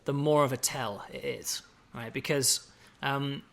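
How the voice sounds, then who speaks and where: A man's voice: mid-range voice, fairly even intonation, a little slow, creaky, fairly bright tone. An English man casually walking through a game update, chatty and explanatory, with lots of "you know" and "right?". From England. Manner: fond of British slang. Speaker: game developer. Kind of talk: casual gameplay walkthrough.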